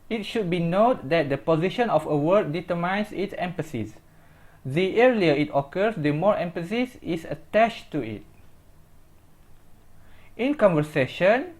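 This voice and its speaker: A language teacher giving a recorded lesson in slow, deliberate explanations, using simple English with small grammar slips and repeating each example phrase. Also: medium pitch, animated.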